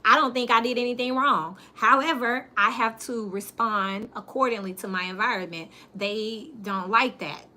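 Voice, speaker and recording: Blunt, bright-voiced woman tarot reader. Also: a little high, normal speed, hardly any pauses. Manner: blunt, plain-spoken, animated storytelling. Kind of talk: casual tarot reading monologue.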